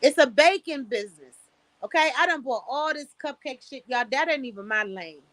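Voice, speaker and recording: Blunt, bright-voiced woman streamer. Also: high-pitched, expressive, moderate pace, no room sound. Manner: blunt, profane, preachy advice with storytelling. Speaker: livestream host. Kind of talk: casual livestream talk. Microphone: streaming setup, close mic.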